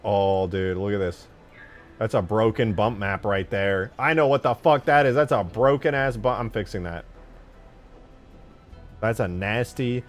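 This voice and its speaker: A man streaming himself modding a game, excitable and swearing a lot, swinging from low mumbles to sudden yells. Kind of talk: live-stream commentary.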